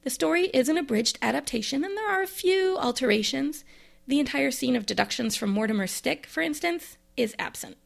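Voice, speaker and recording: A woman with a gravelly, husky voice, pitched a bit high for her sex. She talks through new books in a chatty, enthusiastic way, like a librarian sharing favorites. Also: expressive, brisk. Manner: chatty, enthusiastic, bookish asides. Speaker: librarian and podcast host. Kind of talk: casual book review monologue.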